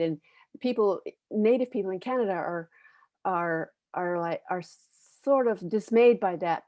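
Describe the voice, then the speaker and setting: An American woman on a panel, an educator, presents children's books in an earnest, reflective way, often pausing while she searches for words. Her mid-range voice is mellow, with no echo.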